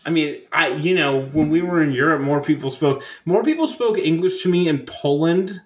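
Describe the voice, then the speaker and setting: A young man co-hosts a podcast, his voice on the high side and expressive at a normal speed, in a low-quality recording. During this casual chat he tells a trip story in a rambling, profane, laid-back way, filled with fillers.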